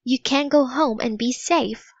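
A caring young girl speaks in a raised, pleading voice full of gentle reassurance, as a woman reading a storybook puts her on. She talks slowly and clearly. The sound is dry and a little dull and lo-fi. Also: sits high, dry recording, voice pushed up. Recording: dull lo-fi recording.

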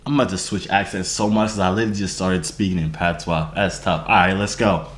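A man's voice: deep voice, steady tone, fast. A male YouTuber talking casually to his viewers, full of slang and "you feel me". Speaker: YouTuber host. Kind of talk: casual vlog talk to camera. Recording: roomy echoey room.

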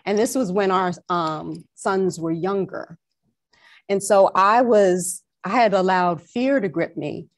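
A podcast co-host from Long Island with a New York accent tells a personal faith story in casual chat, her voice medium-pitched and slow. She's animated and slips into a New York drawl.

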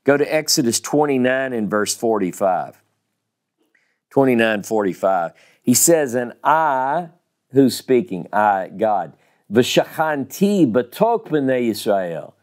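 Southern male Bible teacher, mid-pitched, unhurried, emphatic, repeats words to drive them home. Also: animated. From American South.

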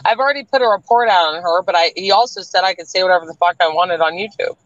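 A woman with a fairly low, slightly bright voice speaks quickly as a guest on a livestream call, ranting furiously with profanity and threats. The dry, dull lo-fi audio comes through online stream call sound.

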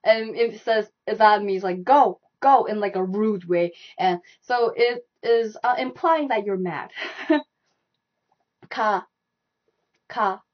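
A woman with a Korean accent teaching a live online language class, repeating steps slowly and laughing often. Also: mid-range voice, muffled recording. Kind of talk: live-streamed language lesson.

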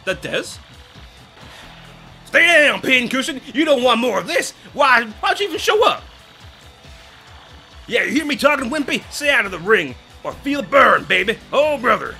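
Rockhawk, a man doing a shouting brash bird wrestler. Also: extremely high pitch, very animated, normal speed, creaky, pauses often, faint music behind, voice pushed up, full character voice. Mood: taunting. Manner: shouting trash talk, blustering. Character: brash loudmouth bird wrestling champion, male. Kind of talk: let's play character reading.

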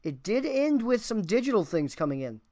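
A man's voice: sits high, very animated, moderate pace, a little mellow. A man hosting a music reaction video, talking casually and enthusiastically, thinking aloud and swearing now and then.

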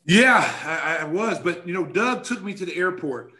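A man in his fifties, a guest telling a casual anecdote, animated and laughing often as he acts out other people's lines. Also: high voice, moderate pace. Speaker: guest, former pro basketball player. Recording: roomy echo.

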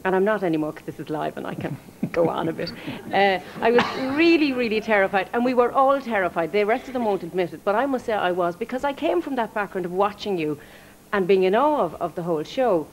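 A woman's voice: medium pitch, lively intonation, fast, a little hiss or hum, poor audio. An Irish woman, a former researcher, telling humorous stories as a guest on a live television chat show. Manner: chatty, humorous storytelling.

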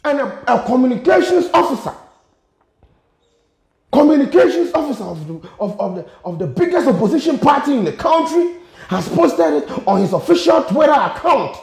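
Ghanaian guy going off in a vlog rant, real high voice, swearing and repeating himself, echoey room. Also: very animated, moderate pace, vocal fry, a little mellow. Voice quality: exasperated, profane and repetitive. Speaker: vlogger. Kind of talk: angry rant to camera.

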